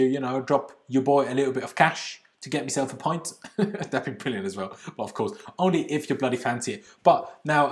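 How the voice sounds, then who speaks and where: A man with an Austrian accent hosting a casual football livestream from home, chatting loosely with British slang and answering viewer comments. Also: medium pitch. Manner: casual British slang, says "bloody" often. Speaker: football channel host.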